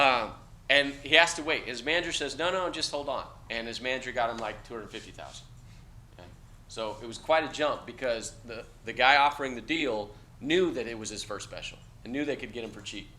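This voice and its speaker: Talking fast in a medium-pitched voice that's bright and forceful, a middle-aged man lectures students casually at a university. He's blunt and chatty, often tagging on "okay?"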